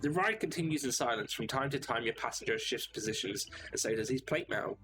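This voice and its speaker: A male streamer reading a story game's narration aloud with a mid-pitched voice and breaking off now and then to chat casually. Faint music runs quietly beneath his voice. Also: lively intonation, fairly quick. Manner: reads game text, chats casually between.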